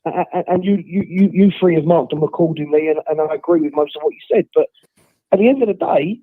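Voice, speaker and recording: A man calling in while unwell, his voice high and husky. He rants bluntly about football in a phone-in. The sound is thin and phone-like, with a dry, close feel. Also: fast, no room sound. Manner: blunt, ranting football opinions. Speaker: caller. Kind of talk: phone-in rant. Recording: tinny phone line.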